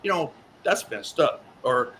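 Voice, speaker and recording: A man's voice: a little high, unhurried, a little hiss or hum. Man telling a long personal story. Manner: rambling animated storytelling with repeated words. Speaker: guest. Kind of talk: storytelling in a talk show interview.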